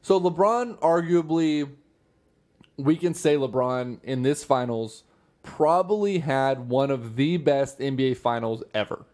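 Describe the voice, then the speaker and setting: A man's voice: medium pitch, a little slow, darkish tone. Casual American man co-hosting a sports podcast. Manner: reads news items aloud, then riffs with swearing. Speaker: podcast co-host.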